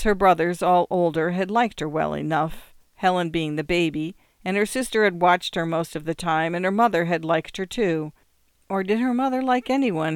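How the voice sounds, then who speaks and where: An audiobook narrator reading literary fiction in a steady, measured way. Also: medium pitch, smooth, dry recording. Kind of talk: scripted narration.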